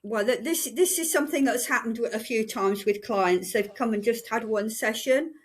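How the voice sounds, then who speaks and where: An older woman, a breathwork therapist, talking in a casual podcast conversation with earnest, halting restarts. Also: on the high side, breathy edge.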